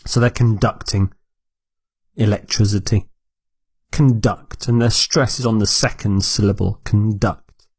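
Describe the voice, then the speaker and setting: A man teaching English vocabulary, repeating each word clearly and explaining it for learners. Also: on the low side, steady tone, normal speed, no echo. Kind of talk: slow, deliberate vocabulary lesson.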